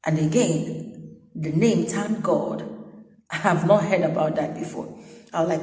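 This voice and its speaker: A woman's voice: fairly low pitch, a little slow, pauses often, mellow. A woman news anchor, chatting animatedly as she tells a personal story with quoted dialogue. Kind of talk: casual storytelling vlog. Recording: echoey room with long reverb.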